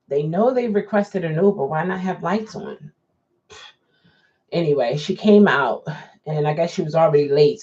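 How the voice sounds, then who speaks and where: A woman's voice: lowish voice, a little mellow. A woman, a rideshare driver chatting casually with viewers, rambling and restarting her sentences. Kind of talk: casual live chat, answering viewers. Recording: dull lo-fi sound.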